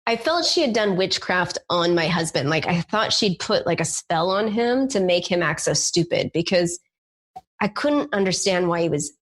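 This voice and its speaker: Woman, somewhat low voice, emotional, candid, rambling storytelling. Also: expressive, moderate pace. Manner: emotional, candid, lots of "like" fillers. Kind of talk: personal storytelling.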